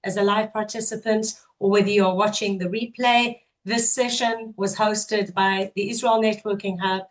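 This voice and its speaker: A woman's voice: mid-range voice, steady tone, normal speed, rough recording. A woman hosting an online webinar interview, asking questions and thanking guests in an upbeat, enthusiastic way. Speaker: webinar host.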